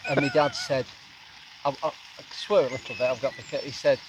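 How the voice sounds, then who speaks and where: A middle-aged man, telling a funny story in an animated way. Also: mid-range voice, brisk. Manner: animated, breaks into quoted voices and laughs. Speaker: guest camper. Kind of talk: casual storytelling by a campfire. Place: outdoors at a lakeside camp. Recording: noisy outdoor recording, sizzling campfire.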